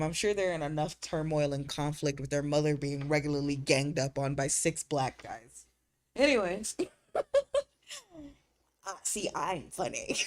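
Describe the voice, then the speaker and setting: Slow-talking, low-voiced woman streamer. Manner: crude teasing humor with frequent laughter; trails off into fillers. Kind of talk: casual chat.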